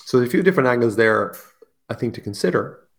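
A man's voice: mid-range voice, expressive, fast talker. A man hosting a solo podcast, talking casually and reflectively, with asides and self-mocking humor. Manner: casual, musing, laughs at his own jokes. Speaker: podcast host.

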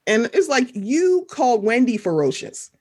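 A woman talking casually on a podcast, her voice a touch husky and fairly high. She tells her stories with big swings in pitch, slipping into other people's voices as she quotes them. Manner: animated, fast storytelling, quoting people in voices. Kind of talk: casual chat.

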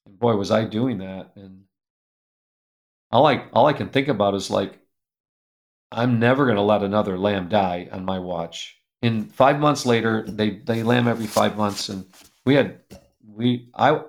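A man speaking as an interview guest, telling an earnest, emotional story with an animated delivery that drops to a soft hush at tender moments. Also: lowish voice, measured pace, creaky. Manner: animated, acts out quoted voices. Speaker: guest speaker, publisher founder.

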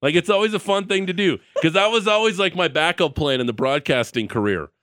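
A man's voice: on the high side, a little fast, a bit bright. A male radio host bantering playfully and joking with his co-host and guest. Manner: playful, joking, goofy impressions.

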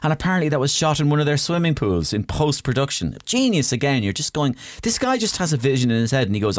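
A man chatting as a guest, an animated storyteller who acts out scenes with sound effects. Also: fairly high pitch, fast talker, hardly any pauses, no echo, clean studio sound. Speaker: guest, comedian and impressionist. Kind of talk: casual chat.

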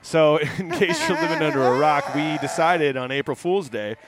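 A man's voice: fairly high pitch, very animated, moderate pace, noisy background. A man hosting a casual band podcast, telling stories and laughing often. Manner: storytelling with laughs. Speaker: podcast host. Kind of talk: casual chat.

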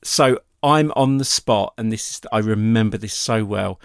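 A middle-aged man tells a personal story, animated and full of acted-out quotes. His voice sits low with a gravelly edge. The sound is dry and close. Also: normal speed, no room sound. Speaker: guest telling a story. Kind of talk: casual storytelling.

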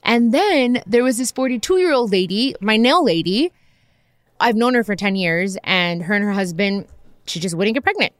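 A woman's voice: mid-range voice, animated, moderate pace, no room sound, studio quality. A woman hosting a podcast, telling a personal story in a candid, casual way, talking straight to her listeners and acting out the people she quotes. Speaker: podcast host.

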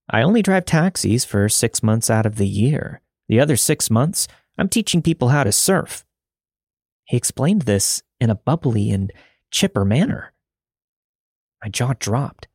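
A man hosting a podcast, reading a listener's horror story aloud in a steady, conversational way on a close mic. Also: on the low side, no room sound. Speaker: podcast host and narrator.

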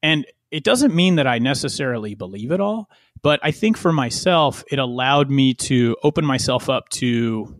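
A man's voice: medium pitch, expressive, moderate pace, no echo. Guy rambling on in a chat, lots of likes and ums, dry close mic. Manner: rambling, many fillers and restarts. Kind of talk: casual conversation.

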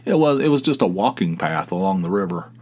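A middle-aged man with a fairly low voice talks through a casual, rambling story as a podcast host. He restarts his sentences often and drops sarcastic asides. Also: sing-song, a little fast, darkish tone.

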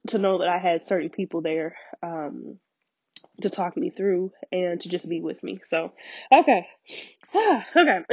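A woman with a husky, breathy voice tells a personal story on her podcast, close and dry on the mic. She jumps her pitch up to act out the people she quotes and is near tears at moments. The sound is a bit dull and lo-fi. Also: dry recording. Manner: animated storyteller, acts out quoted voices with big pitch jumps, laughs often. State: emotional, near tears at times. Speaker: podcast host.

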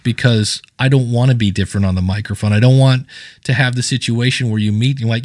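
Dry-voiced man telling lively stories. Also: medium pitch, a little fast, no room sound. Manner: storytelling, acting out quoted people in anecdotes. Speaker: podcasting coach and guest. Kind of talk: casual interview chat.

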